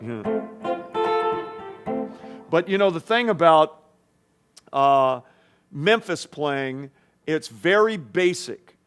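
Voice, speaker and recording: A man's voice: a little high, lively intonation, drawn-out words, long pauses, fairly bright tone, clean tone. A man, a guest guitarist, rambling through anecdotes in a casual interview and acting out voices and guitar sounds.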